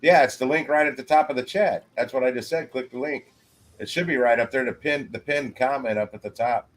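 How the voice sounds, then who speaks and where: A man hosting a casual livestream, rambling along with halting restarts. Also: mid-range voice. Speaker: livestream host.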